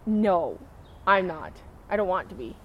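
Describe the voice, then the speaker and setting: A woman co-hosting a podcast in casual chat, animated and quick to laugh. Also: lowish voice, muffled recording, a little hiss or hum. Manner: laughs often, animated, expressive. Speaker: podcast co-host.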